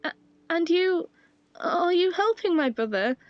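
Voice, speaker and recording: A woman's voice: very high voice, lively intonation, measured pace, no room sound, pitched above the performer's own voice. A woman voicing an anxious young woman in a game, who stammers nervously. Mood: worried. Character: anxious young woman searching for her brother. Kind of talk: fan voice-over of a game scene. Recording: dull lo-fi with faint music.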